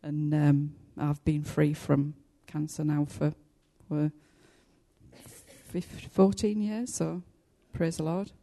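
An older woman giving a halting, heartfelt personal testimony to a church congregation. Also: sits low, little pitch movement, creaky, mellow. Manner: halting and heartfelt, many pauses and fillers.

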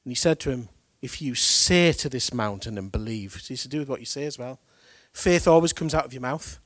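A man preaching an animated sermon, speaking colloquially and acting out the voices of figures from the scriptures. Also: mid-range voice, brisk, no echo. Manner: colloquial, acts out Bible voices.

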